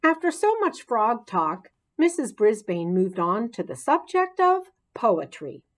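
A woman reading a children's chapter book aloud in an expressive, playful storytelling manner. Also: on the high side, measured pace. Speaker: audiobook reader.

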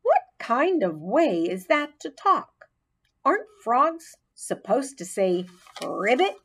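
A woman reading aloud voices a patient but firm schoolteacher who gently scolds her class. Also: fairly high pitch, big pitch swings, breathy edge, pitched above the performer's own voice, full character voice. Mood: stern. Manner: brisk, gently scolding teacher voice.

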